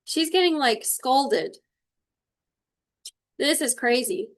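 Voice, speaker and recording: A woman's voice: sits high, animated, takes it slowly. Blunt, emotional woman doing a tarot reading. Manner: emotional, blunt, swears freely. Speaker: intuitive tarot reader. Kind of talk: livestream spiritual reading.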